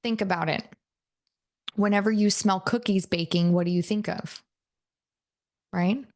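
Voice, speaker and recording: A woman's voice: medium pitch, steady tone, a little slow, a little mellow. A woman giving a live coaching talk to an audience, telling stories in a chatty way and often checking in with the listeners. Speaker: NLP and hypnosis coach.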